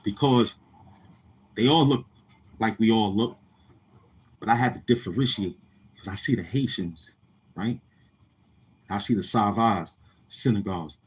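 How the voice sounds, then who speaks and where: A man telling casual stories in a slangy, rambling way, often repeating himself and acting out other people in a higher voice. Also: measured pace, pauses often, husky. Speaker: YouTuber. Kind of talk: casual street-talk storytelling.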